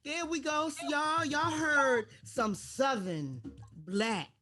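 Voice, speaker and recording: A woman emceeing an online storytelling concert, exuberant and fast, hyping up the audience. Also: sits high, bright, forceful tone. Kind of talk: energetic event hosting.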